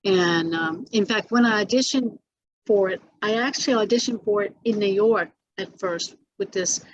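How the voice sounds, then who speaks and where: A woman's voice: medium pitch, moderate pace, highs cut off, slight background noise. An older woman being interviewed about her acting career, telling stories with many restarts, fillers and laughs. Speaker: actress interviewee. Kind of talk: casual interview recollection.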